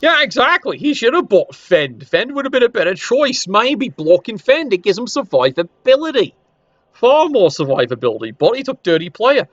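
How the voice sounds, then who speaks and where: A man's voice: high voice, very animated, normal speed, no room sound, highs cut off. A man giving casual, wry commentary while reviewing a league, swearing now and then. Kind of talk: casual commentary over screen.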